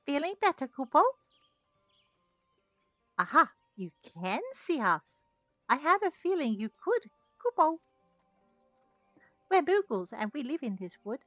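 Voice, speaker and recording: A woman doing a squeaky little forest creature. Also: big pitch swings, unhurried, pauses often, pushed and bright, dry recording, dull audio, faint music behind, heavily acted. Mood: chirpy. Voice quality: squeaky, high. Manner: chirpy, ends lines with a cute verbal tic.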